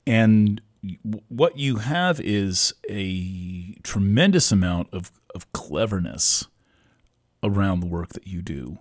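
Low-voiced halting male astrologer. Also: expressive, dry recording, studio quality. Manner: halting, many restarts and fillers. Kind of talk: casual astrology reading.

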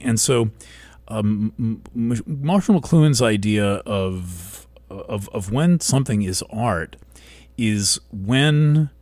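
Soft-spoken man, low and dry. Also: no echo. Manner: soft-spoken, halting with frequent restarts. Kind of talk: reflective monologue. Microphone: broadcast microphone.

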